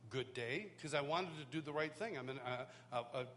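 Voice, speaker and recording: A man's voice: fairly high pitch, fairly bright tone. Man telling a story in a reverberant hall. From United States. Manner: conversational, halting restarts, storytelling. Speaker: worship teacher. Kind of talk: personal testimony talk. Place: large hall, live event. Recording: long hall reverb, faint hum.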